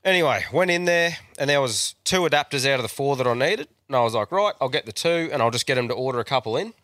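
A man's voice: mid-range voice, animated, quick pace, a bit bright, no echo, studio quality. A young Australian man co-hosting a podcast, telling a crude, sweary rant in casual chat. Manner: crude, swearing, ranting storyteller. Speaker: podcast co-host.

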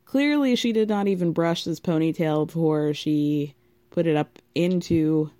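A woman's voice: sits low, a little slow, warm tone. A woman with a contralto voice giving a sarcastic, gossipy recap of a reality TV show in a casual way.

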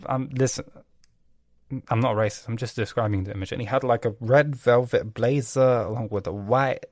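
A man's voice: medium pitch, normal speed, no echo, clean studio sound. A young man talking casually on his own, rambling and correcting himself, swearing often. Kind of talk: casual monologue.

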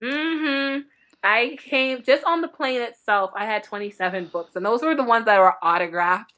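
A young woman from North Dakota, a book blogger guest telling animated stories in casual interview chat, laughing often. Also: on the high side, normal speed.

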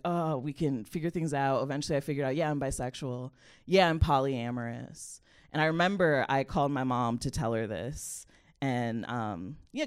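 A young adult woman comedian with a deep voice shares a personal story in a chatty, animated way. She laughs often and leans heavily on "like" as a filler.

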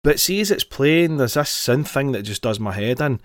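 A Scottish man chats on a podcast with a lively, swooping voice. He rants and swears freely, and he is recorded dry and close. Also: mid-range voice, moderate pace, no echo. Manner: animated, sweary and ranting. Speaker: podcast co-host. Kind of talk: casual chat.

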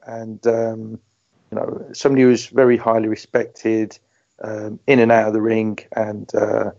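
A man co-hosts a podcast, speaking slowly and hesitantly with many fillers. His voice is mellow and dark with a very flat, even pitch. The recording is slightly muffled. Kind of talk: casual podcast chat.

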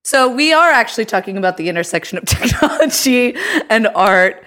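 A young woman co-hosting a podcast in casual comedic chat, teasing her co-host and quick to laugh. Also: fairly high pitch, expressive, fairly bright tone.

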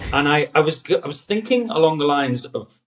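A man's voice: fairly high pitch, expressive, moderate pace, fairly bright tone. A man in his forties, a guest actor in a casual podcast chat, rambling and hesitant with many restarts and fillers.

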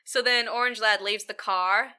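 A woman's voice: mid-range voice, steady tone, moderate pace, bright, forceful tone, clean tone. A woman recapping a film in casual chat, swearing freely and acting out the characters' lines. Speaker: podcast co-host recapping a film.

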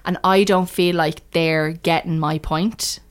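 Casual podcast co-host, woman, lowish and animated, storyteller. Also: takes it slowly, clean tone. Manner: animated, storytelling, restarts often. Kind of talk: candid casual chat.

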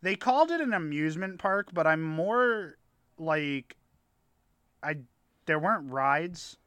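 A man's voice: a little high, animated, slow pace, fairly bright tone, clear, resonant tone, no echo. A man telling a rambling story in casual chat with friends, swearing now and then. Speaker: podcast co-host telling a story.

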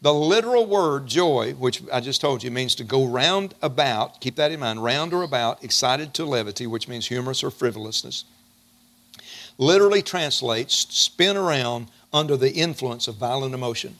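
A man preaching a sermon in a folksy, animated way, calling on his congregation to respond. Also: mid-range voice, normal speed.

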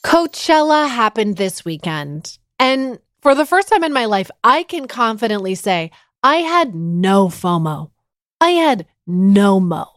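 A woman's voice: mid-range voice, very animated, measured pace, a bit bright, no room sound. A woman in her thirties hosting a podcast, telling stories in a chatty, self-deprecating way. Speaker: podcast host. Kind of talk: casual chat.

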